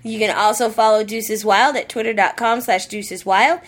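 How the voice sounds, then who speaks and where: A woman's voice: medium pitch, fairly even intonation, normal speed. A woman co-hosting a casual gaming podcast, teasing and joking in a dry way. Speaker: podcast co-host.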